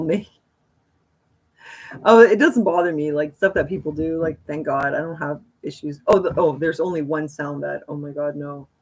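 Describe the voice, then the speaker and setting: A woman's voice: sits low, husky. A woman hosting a casual livestream, chatting in a rambling way with frequent laughs. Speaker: livestream host.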